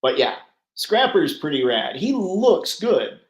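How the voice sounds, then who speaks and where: A man's voice: fairly high pitch, sing-song, slow, roomy sound, rough recording. A man hosting a casual live stream, chatting and reading out viewer comments with rambling, easygoing talk and easy laughs. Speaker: livestream host.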